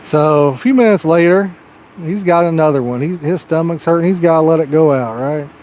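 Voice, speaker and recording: A man hosting a live fishing show outdoors, his voice a touch higher than most men's. He talks in a loose, rambling, folksy way, telling a long joke while baiting his hooks. Faint outdoor noise sits behind him. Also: brisk, a little mellow. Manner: rambling, folksy storytelling with frequent "you know". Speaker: fishing livestream host. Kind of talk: casual live-stream chat and joke telling. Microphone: personal microphone.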